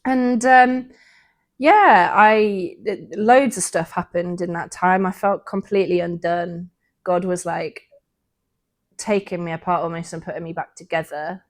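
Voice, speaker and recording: A woman's voice: fairly low pitch, fairly even intonation, a little slow. A woman, co-hosting a podcast and earnestly recounting a personal faith story in a casual, reflective way. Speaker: podcast co-host.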